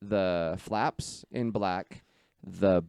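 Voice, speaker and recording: A man with a very low, smooth, resonant voice chats easily with his co-host, cheering on the other man's work and sometimes hunting for the word he wants. The recording is dry and close, with no echo. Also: fairly even intonation, extremely slow, a little mellow. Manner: chatty, gropes for words, affirming. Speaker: podcast co-host. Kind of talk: casual chat.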